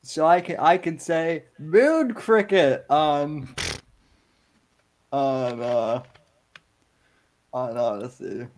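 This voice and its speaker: Man, higher pitch, slow, halting speaker who keeps restarting his sentences. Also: a little mellow, a little hiss or hum. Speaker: streamer, podcast guest. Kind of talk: casual chat.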